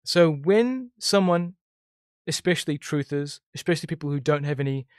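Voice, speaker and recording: A man's voice: a little high, lively intonation, moderate pace, clear, resonant tone, dry recording, clean studio sound. A man teaching about the I Ching in a casual spiritual monologue, blunt and emphatic, always checking in with "okay?" and "right?". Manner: blunt, swears freely.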